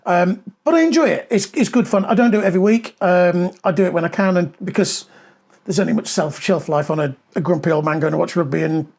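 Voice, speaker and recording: A middle-aged man with a notably high speaking voice, chatting easily in a podcast and spinning long stories full of ums. He talks into a clip-on mic that picks up a little clothing rustle. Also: darkish tone. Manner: chatty storyteller, many ums. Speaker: podcast co-host. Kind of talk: casual podcast chat.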